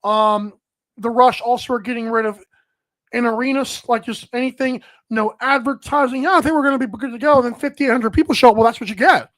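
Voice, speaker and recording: A high-voiced woman hosts a sports talk show in a rambling, exasperated rant full of fillers. The sound is close and dry, with no room echo. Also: fairly quick. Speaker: sports podcast host.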